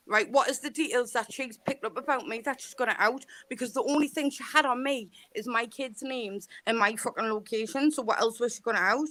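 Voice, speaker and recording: A woman's voice: fairly high pitch, a little fast, few pauses, a bit bright, no echo. A woman on a live video call, ranting furiously with constant swearing and threats. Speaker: guest on a live chat stream. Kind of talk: heated live chat.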